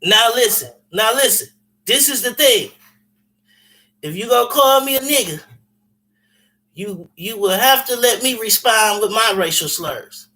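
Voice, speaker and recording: A man telling a story in casual chat, animated and profane, with lots of repetition. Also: high-pitched, unhurried, long pauses, poor audio.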